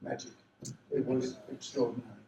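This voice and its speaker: An older man with an Australian accent, telling lively anecdotes to a convention audience and slipping into the voices of people he mentions. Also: mid-range voice, normal speed, slight background noise. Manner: animated, does voices of people in his stories. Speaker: convention panel guest. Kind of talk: storytelling anecdotes to a live audience. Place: convention hall. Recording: roomy hall, mic at a distance.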